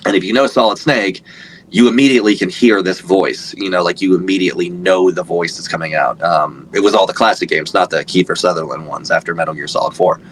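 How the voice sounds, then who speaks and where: A man's voice: deep voice, brisk, a bit bright, slight background noise, rough recording. A man in his thirties, a voice actor guest, chatting casually in an interview, rambling with lots of fillers and restarts.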